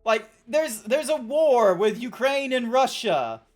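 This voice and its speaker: A woman's voice: on the high side, lively intonation, slow. An Australian woman streaming live, chatting casually with her viewers in a rambling, sweary way as she reacts to chat. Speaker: Twitch streamer. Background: faint background music.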